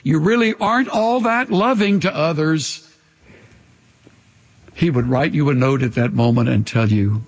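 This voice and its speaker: A man preaching a sermon, earnest and unhurried, pausing often and dropping his voice almost to a whisper to make a point. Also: fairly high pitch. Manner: earnest, pauses often, drops to near-whispers for emphasis. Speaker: pastor. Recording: long hall reverb.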